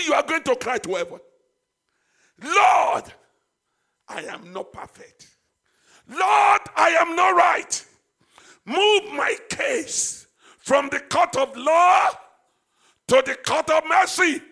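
A man, a pastor leading a sermon, shouting fervent prayers and repeating phrases. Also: very high-pitched, creaky. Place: church service.

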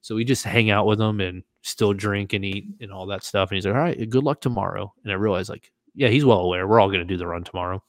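Low-voiced man, animated storyteller. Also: fast talker, hardly any pauses, no echo. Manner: animated, acts out quoted voices. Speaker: podcast host. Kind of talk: casual storytelling.

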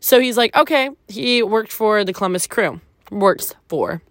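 On her podcast, a woman recounts a personal story in a loose, candid monologue full of "like" and plenty of cursing. Her mid-range voice moves a little slowly, and the studio recording is clean with no echo.

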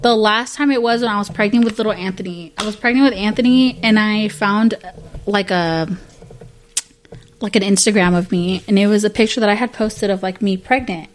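A woman's voice: medium pitch, fairly quick. A woman on a podcast telling a story in loose casual chat. She swears constantly and strings her sentences together with "like," keeping the tone conversational. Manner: swears a lot, tells stories with lots of "like". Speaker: podcast co-host.

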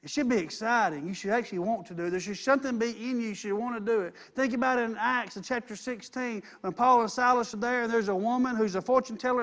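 A man preaching a sermon in a conversational way that swells to emphatic at high points. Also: a bit bright.

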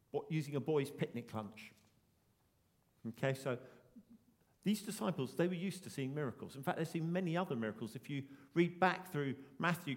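A man preaching a sermon, reading scripture and acting out the voices of people in the story. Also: on the high side. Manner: animated, acts out voices in quotes. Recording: long reverb of a large hall.

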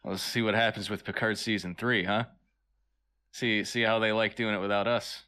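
A man co-hosting a comedy podcast, playing along with dry, deadpan asides. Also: fairly low pitch, normal speed. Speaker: podcast co-host. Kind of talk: comedic in-character podcast chat.

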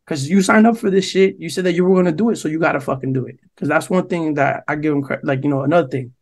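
Speaking fast in a slightly high, creaky voice, this podcast co-host from New Jersey rambles through a long, profane story. He's young and chatting casually, repeating other people's lines as he goes.

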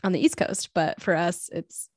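A woman from the western United States co-hosting a podcast in casual chat, chatty and quick to laugh. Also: on the low side, fairly even intonation, a little mellow, no room sound, studio quality. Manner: chatty, laughs often, many "like" fillers. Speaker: podcast co-host.

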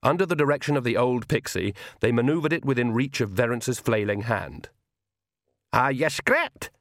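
A man narrating a comic fantasy audiobook in an even, measured way. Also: medium pitch, no echo, studio quality. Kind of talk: scripted narration.

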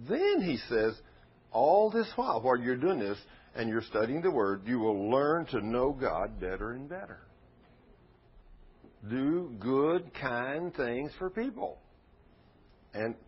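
A man's voice: mid-range voice, breathy edge, muffled recording. A man preaching a sermon, telling stories in a folksy way with rhetorical questions.

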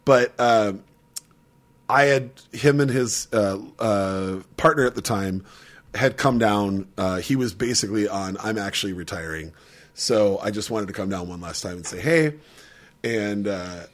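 A man telling a story in casual podcast chat, animated and profane, laughing often. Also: on the low side.

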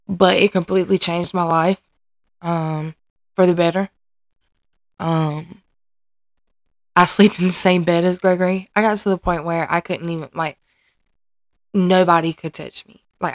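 A woman with a low, gravelly voice talks openly on her personal podcast. She speaks earnestly and hesitantly, often stopping and restarting as she looks for words. The recording is close and dry, with no room sound. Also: no room sound. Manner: earnest and emotionally open. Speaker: podcast host and mother. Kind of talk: candid personal podcast monologue.

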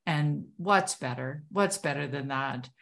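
Low-pitched woman host, earnest and affirming. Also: unhurried, creaky, a bit bright. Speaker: podcast host. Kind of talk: interview hosting.

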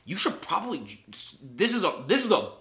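Emphatic, lively-voiced male podcast co-host. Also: high-pitched, fairly quick. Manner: emphatic, animated, swears freely. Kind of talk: casual chat recapping a reality show.

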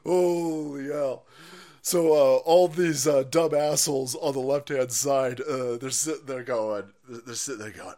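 A man's voice: mid-range voice, fairly even intonation, a little slow, warm tone. A man ranting on a livestream, foul-mouthed and mocking, swearing constantly. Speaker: streamer. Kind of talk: profane political rant on a livestream.

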